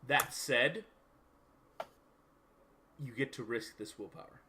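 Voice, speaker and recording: A man acting as game master, narrating scenes and ruling on dice in a relaxed, searching way. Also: mid-range voice, slow, slight background noise.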